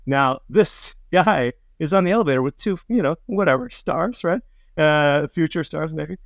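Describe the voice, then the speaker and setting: Animated man telling a story, dry close sound. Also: on the high side, normal speed, gravelly, no echo. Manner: animated, acts out quoted voices, laughs mid-story. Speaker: storyteller guest. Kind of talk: casual anecdote telling.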